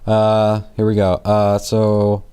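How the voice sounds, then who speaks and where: A man's voice: on the low side, completely flat delivery, slow, mellow, smooth. Rambling, jokey man teaching code. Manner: rambling, jokey, many fillers and self-corrections. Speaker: programming tutor. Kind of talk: casual screen-recorded coding lesson.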